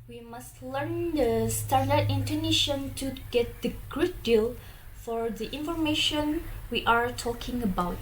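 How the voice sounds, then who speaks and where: A young woman student reads her class presentation aloud at a very slow, careful pace. Her voice sits a little high, and she trips over a word now and then. Faint background hiss runs under the recording. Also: rough recording. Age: young adult. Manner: slow, careful reading with occasional stumbles.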